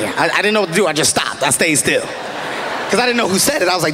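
Animated stand-up comic man, high voice. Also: fast. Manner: animated, bursts into high shouting. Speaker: stand-up comedian. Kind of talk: stand-up routine. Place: comedy stage before a live audience. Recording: reverberant live room with ambient noise.

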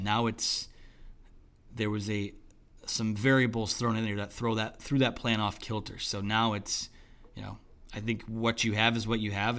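A man talking through a post-game football analysis in a loose, thinking-aloud way with lots of fillers and restarts, his voice going hoarse. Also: lowish voice, fairly bright tone. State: losing his voice. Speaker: sports analyst.

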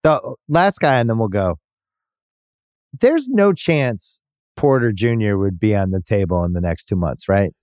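A man's voice: fairly low pitch, animated, unhurried, a little mellow, no echo, studio quality. A man hosting a sports podcast, thinking aloud in casual chat with restarts and the odd swear. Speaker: podcast host.

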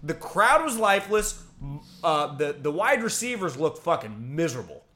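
A man co-hosting a casual sports talk show, animated and a bit profane, often acting out quotes. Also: fairly high pitch, moderate pace. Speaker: podcast co-host.

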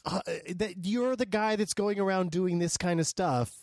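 Laid-back chuckling man, slightly high. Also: normal speed, darkish tone, no echo, clean studio sound. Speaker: comedian guest. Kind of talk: casual chat.

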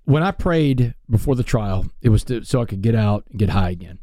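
An earnest man tells his story with energy and feeling. His voice is mellow and dark, recorded close in a dry studio. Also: lowish voice, expressive, brisk, few pauses, no room sound. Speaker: guest. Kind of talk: storytelling interview.

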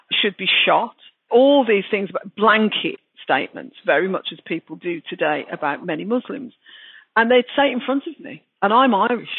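A woman's voice: mid-range voice, slightly rough, no room sound. A woman in her sixties with a Birmingham accent, a guest author telling her story frankly and emphatically. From Birmingham, England. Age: 60s. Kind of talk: reflective interview talk. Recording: dry, tinny phone-like line.

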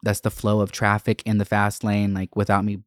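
A man telling a storytime rant to his followers, casual and profane, with quick jumps up in pitch. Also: dry recording, clean studio sound. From Atlanta area. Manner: profane, animated, quick bursts of rising pitch. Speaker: content creator.

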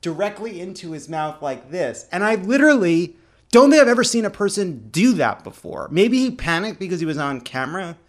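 A man's voice: high voice, sing-song, a little fast. A man co-hosting a podcast, telling a long story in casual chat with bursts of laughter and emphatic asides. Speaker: podcast co-host.

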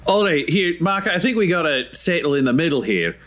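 A man's voice: fairly high pitch, very animated, brisk, fairly bright tone. A man playing in a tabletop game, reasoning earnestly with the group. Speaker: player. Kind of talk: tabletop role-play.

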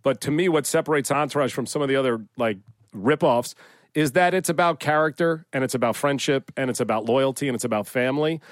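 A man's voice: mid-range voice, quick pace, dry recording. Earnest middle-aged man, dry close sound. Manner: earnest, rambling, with restarts. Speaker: podcast co-host, series creator. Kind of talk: casual podcast chat.

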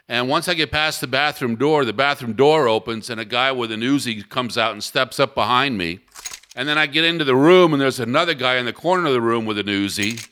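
A man telling his own story in a blunt, animated, casual way, swearing freely. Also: medium pitch, clean tone. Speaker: interviewee.

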